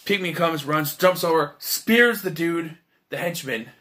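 A man with a fairly high, bright, forceful voice talks through a film review in a loose, offhand way. He is blunt and swears freely, and he often restarts his sentences. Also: unhurried. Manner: blunt and profane, with frequent restarts. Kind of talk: casual spoken film review.

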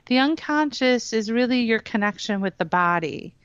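A woman guest on a talk radio show explaining hypnosis in a lively way, acting out the voices she quotes. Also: a little high, moderate pace, clear, resonant tone, no room sound. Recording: dull lo-fi radio audio.

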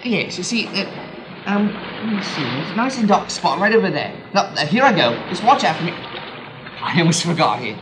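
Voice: mid-range voice, big pitch swings, moderate pace, lightly acted. A performer playing a wheedling, stammering hustler who keeps calling the listener "sir", on an amateur home tape. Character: wheedling street hustler who stages his own drowning. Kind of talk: amateur radio-play acting. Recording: hissy home tape recording.

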